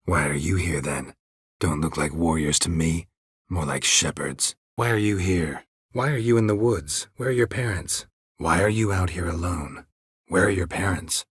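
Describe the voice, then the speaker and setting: An actor playing a gruff, laconic middle-aged monster hunter in a game, with a husky voice and clipped, dryly sarcastic questions. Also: male voice, fairly bright tone, dry recording, full character voice. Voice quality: husky, gravelly low voice. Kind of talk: game voice acting. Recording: dry close studio recording.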